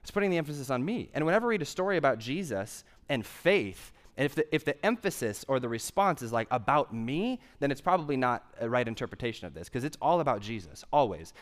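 A young man delivers a sermon in a relaxed, talky way. He circles back to key phrases and repeats them for emphasis, then drops into asides and fillers before pressing the point again. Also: mid-range voice. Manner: conversational preaching with emphatic repetition. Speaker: pastor.

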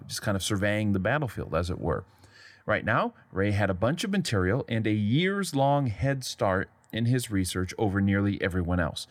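A man's voice: mid-range voice, no room sound. A man hosting a history podcast, narrating in a wry, conversational way and reading quotes aloud. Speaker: podcast host.

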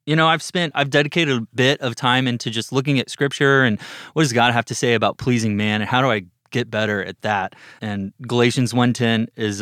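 A man earnestly shares personal reflections on a Bible passage, growing animated when something delights him. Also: lowish voice, clear, resonant tone, no room sound, studio quality. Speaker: podcast guest.

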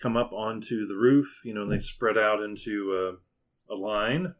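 A man's voice: fairly low pitch, normal speed. A man running a tabletop role-playing game as game master, narrating with many fillers and restarts.

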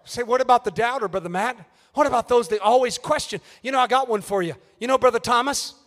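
A man preaching at a youth meeting, swinging from shouted appeals down to hushed, near-whispered lines. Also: very high voice, fast talker. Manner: rises to shouted calls, then drops to near-whispers. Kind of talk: fiery sermon. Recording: reverberant church hall.

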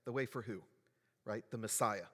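A male pastor with a lowish voice, pushed and bright, preaches at normal speed in a big hall with long reverb. He delivers his sermon conversationally, asking questions of the congregation.

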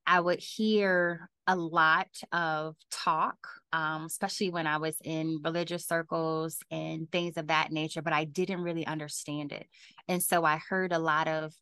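Bright, animated woman author. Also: clear, resonant tone, no echo. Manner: animated, laughs often, pitch jumps up when excited. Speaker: author and guest. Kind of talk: podcast interview.

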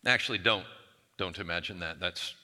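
A man's voice: low voice, normal speed, sharp tone. A male pastor telling a Bible story in a conversational, humorous sermon with frequent restarts, recorded in a church. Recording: long church reverb.

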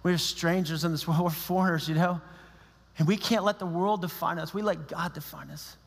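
A man's voice: a little high, fairly even intonation, moderate pace, vocal fry, in a large hall. A man preaching a sermon as pastor, impassioned, building to emphatic declarations. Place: church.

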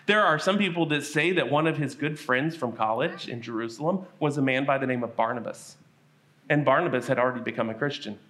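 A man telling a Bible story at a children's church service, animated and asking the kids questions. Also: medium pitch, fairly quick.

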